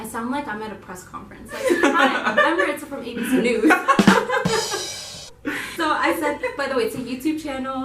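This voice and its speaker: A young woman co-hosting a casual video, telling her story to viewers in an animated, giggly way and quoting herself in excited voices. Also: medium pitch. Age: young adult. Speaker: YouTube channel co-host. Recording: roomy echo, voice from a distance.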